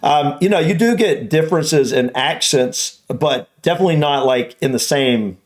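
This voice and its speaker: A man's voice: fairly high pitch, moderate pace. A man from North Carolina with a mild Southern US accent, hosting a casual reaction chat in a hesitant, talkative way. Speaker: reaction channel host.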